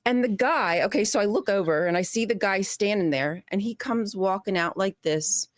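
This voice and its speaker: A woman's voice: mid-range voice, moderate pace. Exasperated woman telling a story. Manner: animated storytelling, exasperated, laughs often. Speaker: show guest. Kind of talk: casual chat.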